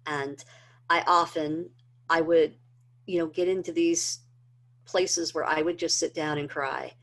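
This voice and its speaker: Woman, middle-aged, lowish voice, earnest testimony, filler-heavy. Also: steady tone, a little slow, a bit bright. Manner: emotional, earnest storytelling with many fillers. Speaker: presenter of a health training video. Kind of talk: personal testimony talk.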